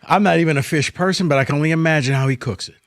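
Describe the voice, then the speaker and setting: A man's voice: on the high side, rapid-fire, no echo. A man co-hosting a sports radio show in a studio, joking playfully with the others. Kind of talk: casual sports talk.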